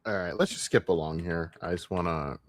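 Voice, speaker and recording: Brief: male streamer, sarcastic and crude, slightly low voice, dry close sound. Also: fairly quick, dry recording. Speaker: streamer reacting to clips. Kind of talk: casual live-stream commentary.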